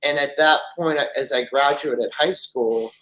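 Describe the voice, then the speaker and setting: A man's voice: fairly high pitch, a little slow, sharp tone, a little hiss or hum, poor audio. A middle-aged man from France, a guest telling long stories in a casual, rambling way, full of fillers. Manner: rambling, many fillers, acts out quoted voices. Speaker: interview guest. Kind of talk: casual storytelling interview.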